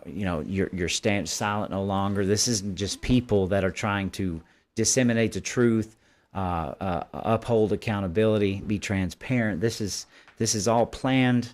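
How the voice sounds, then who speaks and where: Low-voiced combative man reading news. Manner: combative, dismissive, stops to editorialize. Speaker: host. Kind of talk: live commentary, reading articles aloud.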